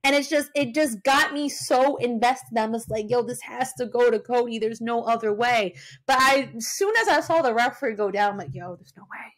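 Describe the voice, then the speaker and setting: A young woman co-hosting a casual podcast chat, passionate and animated, swearing freely. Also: on the high side, moderate pace. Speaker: podcast co-host.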